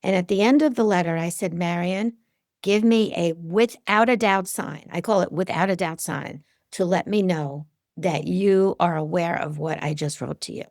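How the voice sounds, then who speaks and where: Middle-aged woman, medium being interviewed; gravelly, dry close sound; animated storyteller. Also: moderate pace, no echo. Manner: animated storyteller, acts out quotes with big pitch jumps.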